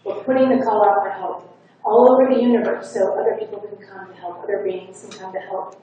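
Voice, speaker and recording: A woman's voice: medium pitch, fairly quick, warm tone, muffled recording. Chatty woman speaker in an echoey hall. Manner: chatty, retells a client's session with many "like"s. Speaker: hypnotherapist speaker. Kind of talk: conference talk, storytelling. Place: conference hall. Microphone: faulty wireless lapel mic. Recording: echoey hall, distant mic, faint hiss.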